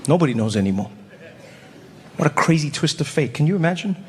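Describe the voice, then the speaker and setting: A man performing stand-up comedy, telling animated stories full of voice impressions. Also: on the high side, quick pace, slight background noise. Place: comedy stage before an audience. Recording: live in a reverberant venue.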